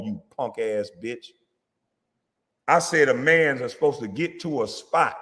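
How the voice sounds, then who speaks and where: A man's voice: mid-range voice, fairly bright tone, in a large hall. A man, a former basketball player, delivering a heated, profane, confrontational rant at a critic. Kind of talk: angry rant.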